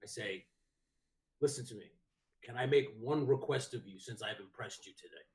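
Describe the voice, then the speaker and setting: A man playing in a tabletop game, speaking in character in a brash voice and cursing loudly. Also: medium pitch, normal speed. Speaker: player.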